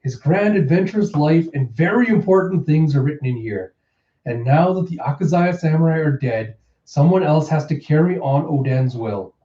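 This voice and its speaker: A man's voice: fairly high pitch, expressive, moderate pace, dark tone, echoey room, recorded from a distance, highs cut off, lightly acted. A man reading as an earnest young warrior. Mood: proud.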